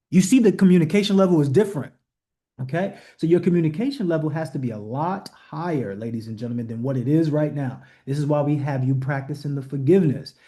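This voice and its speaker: A man's voice: a little high, quick pace, dark tone. A man coaching a group on an online call, blunt and emphatic, repeating rhetorical questions and giving direct commands. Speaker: coach leading a leadership call. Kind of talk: motivational teaching to a group.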